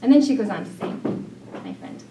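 A woman's voice: medium pitch, huge pitch swings, brisk, background noise. A middle-aged woman leading a women's Bible study, talking in a chatty, rambling way with fillers and restarts. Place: church meeting room. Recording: echoey room from far off.

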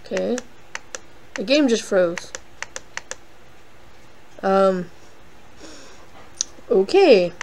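A woman's voice: mid-range voice, expressive, extremely slow, vocal fry, pauses often, darkish tone, a little hiss or hum, poor audio. A young woman hosting a casual game playthrough, rambling and self-deprecating with lots of fillers. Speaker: let's play host.

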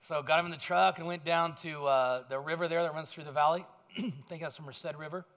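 A man's voice: a little high, fairly even intonation, brisk, a bit bright. A man pastor giving a sermon in a conversational storytelling way, with self-deprecating asides.

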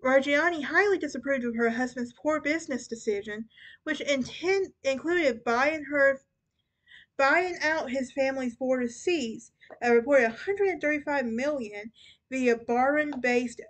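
A woman's voice: high voice, measured pace. A young woman hosting a casual true crime podcast, chatty and often stumbling and restarting over names. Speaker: podcast host.

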